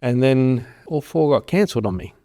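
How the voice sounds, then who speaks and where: A man's voice: mid-range voice, moderate pace. A middle-aged man, telling stories in a rambling, casual way as a farm consultant in an interview. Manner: rambling, animated storyteller who acts out quoted voices.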